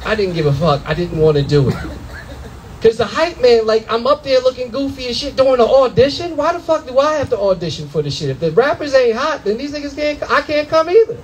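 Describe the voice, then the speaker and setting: High-voiced animated stand-up comic. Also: male voice, brisk, a little hiss or hum, low-quality recording. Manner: loud, animated storytelling with profanity and acted-out voices. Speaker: stand-up comedian. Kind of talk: stand-up comedy set. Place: comedy club.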